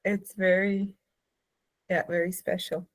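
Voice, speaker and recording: A woman's voice: fairly low pitch, little pitch movement, slow pace, no room sound. A woman hosting a live online session, chatting casually and laughing often. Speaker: host. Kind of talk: casual chat.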